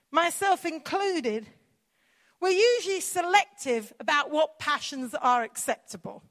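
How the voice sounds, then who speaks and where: A woman's voice: extremely high pitch, animated, measured pace, fairly bright tone. A woman preacher, delivering an emphatic sermon full of repetition.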